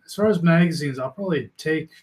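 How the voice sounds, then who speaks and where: A man's voice: on the high side, quick pace, a little mellow. A man in a casual podcast chat, adding dry, wry asides.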